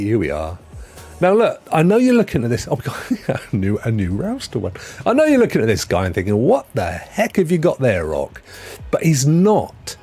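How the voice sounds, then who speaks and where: A man's voice: mid-range voice, mellow. A man hosting a gaming news live stream, chatty and jokey, laughing often. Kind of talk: casual live-stream chat.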